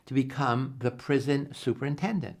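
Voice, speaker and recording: Older male psychologist, gravelly voice, earnest storyteller with lively quoted dialogue. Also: mid-range voice, normal speed. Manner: earnest, animated retelling with acted-out quotes and many restarts. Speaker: psychologist interviewee. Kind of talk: reflective interview storytelling.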